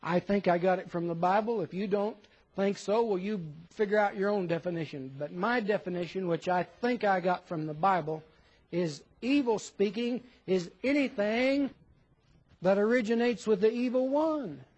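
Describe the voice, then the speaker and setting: A man's voice: sits high, moderate pace, a little mellow, low-quality recording. A man preaching a conversational sermon, asking rhetorical questions and reading scripture aloud.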